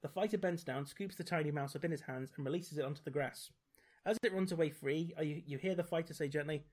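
A man's voice: fairly high pitch, quick pace, darkish tone. A man reading a gamebook aloud as podcast host, dropping dry, wry asides. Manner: dry, wry commentary between read passages.

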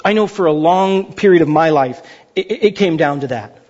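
A man preaching a sermon as pastor, animated and joking, acting out voices of others. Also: a little high, moderate pace. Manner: animated, jokey delivery with mock voices. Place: large church hall. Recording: dull sound with long hall reverb.

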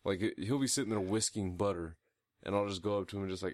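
A man's voice: fairly low pitch, quick pace, few pauses, no echo, studio quality. A young man co-hosting a podcast, swearing and laughing through crude, teasing banter. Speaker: podcast co-host.

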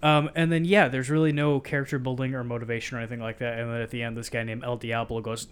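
A man's voice: mid-range voice, level tone, fast talker, hardly any pauses, clean tone. A man in casual chat, bluntly and sarcastically recapping a movie he disliked, with plenty of swearing.

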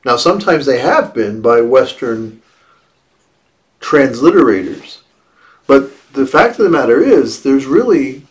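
A very animated man with a middle-pitched voice delivers a Buddhist dharma talk, keeping an unhurried, measured pace. He breaks up his reflective teaching with playful asides.

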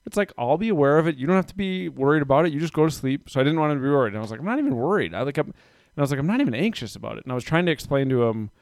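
A man's voice: fairly high pitch, expressive, racing, no echo, clean studio sound. A man in his thirties chatting casually, rambling through stories about his kids and doing their voices. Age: 30s. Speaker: parent telling stories. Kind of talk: casual chat.

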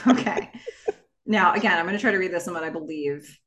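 A woman's voice: lowish voice, lively intonation, moderate pace, fairly bright tone. A woman co-hosting a podcast in casual chat, reading listener emails aloud and laughing often. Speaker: podcast co-host.

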